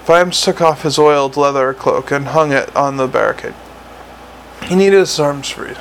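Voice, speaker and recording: A man's voice: mid-range voice, normal speed, creaky, a bit bright, slight background noise, low-quality recording. A man reading a novel aloud as narrator, with occasional slips and restarts. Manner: reads with small slips and restarts. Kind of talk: audiobook narration.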